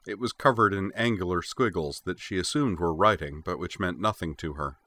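A man narrating a fantasy audiobook in a measured, even storytelling voice. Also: deep voice. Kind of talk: scripted narration.

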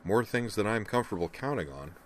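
A man voicing a cautious young male cadet, measured and a little hesitant. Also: lowish voice, animated, a little hiss or hum, voice pushed up, natural voice.

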